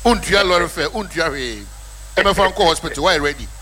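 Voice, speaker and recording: A Ghanaian man hosting a radio talk show in a studio, animated and playful, switching between languages. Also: a little high, a little fast, a little hiss or hum. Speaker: radio host.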